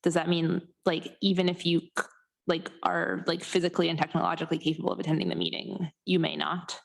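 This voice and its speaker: Woman, young adult, legislator, chatty, hesitant, lots of fillers, slightly low pitch. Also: flat delivery, a little fast, creaky. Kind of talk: meeting discussion. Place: council chamber.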